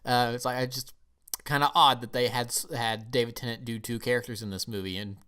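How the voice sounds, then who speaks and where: A man's voice: mid-range voice, steady tone, brisk, sharp tone, smooth. A man from the United States giving a casual, rambling film review vlog, often emotional and restarting his sentences.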